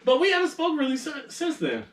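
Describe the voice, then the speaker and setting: A man's voice: extremely high pitch, huge pitch swings, quick pace, a bit bright. A young man co-hosting a podcast, telling a story in casual chat, laughing and acting out the quotes. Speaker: podcast co-host. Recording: echoey room, a little far from the mic.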